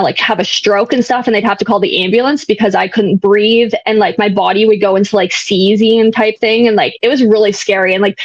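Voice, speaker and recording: A young woman with a mid-range voice shares her recovery story as a guest, casual and candid, rambling with lots of fillers and some blunt swearing. The lo-fi recording sounds dull and dry, with no room sound.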